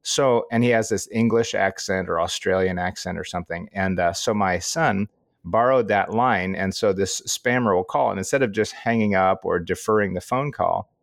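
A middle-aged man with a low voice chats on his podcast, taking his time over a story and often chuckling. The recording is dry and close. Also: moderate pace, vocal fry, no room sound. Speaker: podcast co-host. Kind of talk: casual chat.

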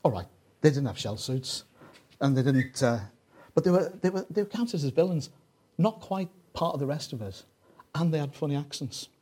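A man's voice: on the high side, expressive, moderate pace, mellow. A man from Liverpool with a Scouse accent, preaching a sermon in a joking, conversational way full of asides. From Liverpool, England. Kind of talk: sermon with jokes.

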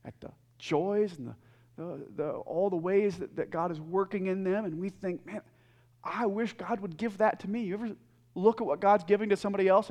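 Earnest high-voiced gravelly man preaching. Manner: earnest, rising to loud emphatic peaks then dropping soft; repeats and restarts words. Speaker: pastor. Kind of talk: sermon.

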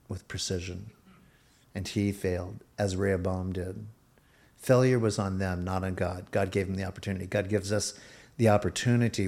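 A man with a fairly low voice delivers a sermon as pastor. He preaches emphatically, pressing points home to his listeners, speeding up and slowing down as he goes. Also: a little mellow. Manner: emphatic preaching with shifting pace, urging listeners.

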